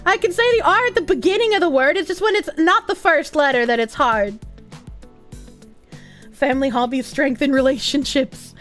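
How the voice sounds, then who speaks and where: A woman with a Boston accent, streaming and reading her chat aloud, animated and full of crude jokes and frequent laughter. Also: sits high, normal speed, faint music behind.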